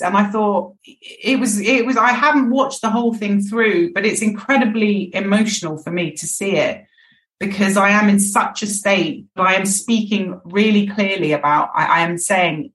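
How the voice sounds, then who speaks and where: A woman's voice: mid-range voice, moderate pace, a bit bright. A woman speaking as a podcast guest, frank and reflective, often restarting her phrases. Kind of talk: candid podcast conversation. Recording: echoey, distant mic.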